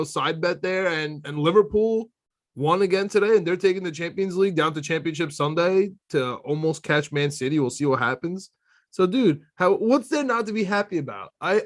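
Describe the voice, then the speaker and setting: A male podcast co-host chatting about sports in a laid-back way, laughing often and calling his friend dude. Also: a little high. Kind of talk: casual sports chat.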